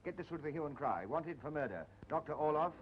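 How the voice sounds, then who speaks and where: An actor playing a brisk police official in a 1930s British melodrama, with a husky voice and clipped diction. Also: male voice, a little high, expressive. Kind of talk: 1930s British film acting. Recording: dull lo-fi old film soundtrack.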